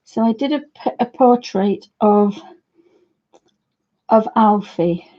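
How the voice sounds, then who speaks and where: Croaky woman chatting casually. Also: fairly high pitch, slow, dull audio. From United Kingdom. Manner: chatty, rambling, talks fondly to her dog. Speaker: art livestream host. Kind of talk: casual chat to viewers and pets. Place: home art studio.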